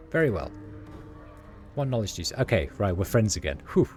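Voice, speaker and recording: A man's voice: fairly low pitch, big pitch swings, fairly quick, long pauses, over music. A man streaming a game live, chatting casually and reacting aloud as he plays. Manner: chatty, reacting aloud while reading dialogue.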